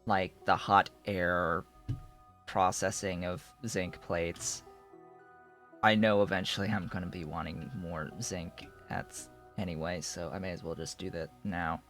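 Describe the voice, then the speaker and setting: A man's voice: low-pitched, flat delivery, a little slow, fairly bright tone, faint music behind. A man streaming a game, thinking aloud in a rambling way with many restarts. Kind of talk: casual live-stream commentary while playing.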